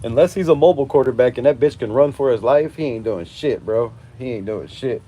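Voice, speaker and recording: A man in his forties hosts a live fan stream outdoors at night as a storm rages, ranting with plenty of swearing and laughter. His medium-pitched voice is animated and fairly quick, with a dark tone and breathy edge, and his delivery is emphatic.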